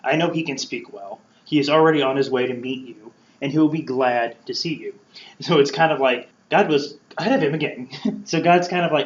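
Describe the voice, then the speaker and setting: A man's voice: mid-range voice, a little fast. A man giving a casual Bible teaching as a podcast host, acting out the quotes playfully in a conversational way. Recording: roomy, dull lo-fi sound.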